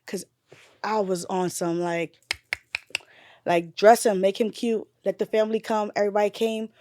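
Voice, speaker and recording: A woman's voice: mid-range voice, level tone, moderate pace, dry recording, studio quality. A woman, a nurse and bereaved mother, retelling a painful memory in a candid podcast conversation. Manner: candid, swearing, drifts from loud retelling to quiet grief.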